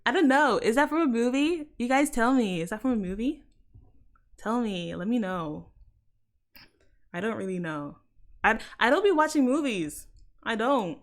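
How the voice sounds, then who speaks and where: A young woman with an English accent chatting playfully on a live stream, often laughing and repeating herself. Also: a little high. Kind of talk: casual live-stream chat.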